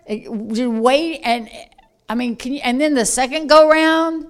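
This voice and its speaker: A woman preaching an informal sermon to a room of listeners, acting out scenes with sudden loud bursts. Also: high-pitched, animated, moderate pace.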